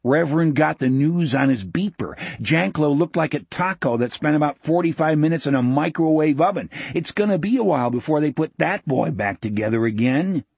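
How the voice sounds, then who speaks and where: A man's voice: a little high, animated, a little fast, vocal fry, few pauses, darkish tone, husky, no echo, exaggerated voice. A man voicing a brutish, cruel teenage male bully with a coarse, sneering way of talking. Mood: taunting.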